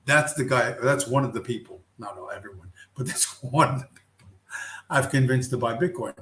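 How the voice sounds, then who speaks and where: A man's voice: medium pitch, moderate pace, fairly bright tone. A middle-aged man hosting a casual livestream, ranting bluntly with heavy profanity. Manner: blunt, heavily profane, heated. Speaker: livestream host. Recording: roomy echo.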